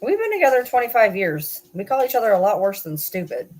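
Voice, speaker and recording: A woman's voice: mid-range voice, sing-song, brisk, a little mellow. Woman, 40s, casual stream chat, rambling, laughs often. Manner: rambling, swears, laughs often, self-deprecating.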